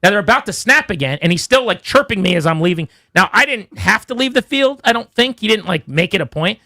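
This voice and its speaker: Animated male sports radio host. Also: high-pitched, quick pace, gravelly, no room sound, studio quality. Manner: animated storytelling, many "like" fillers. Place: radio studio. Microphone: studio microphone.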